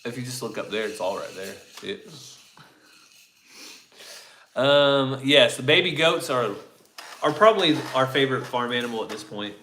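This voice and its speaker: A man's voice: medium pitch, expressive, normal speed, long pauses, fairly bright tone, a little hiss or hum. A man co-hosting a casual farm livestream, easygoing and greeting viewers by name. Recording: echoey room.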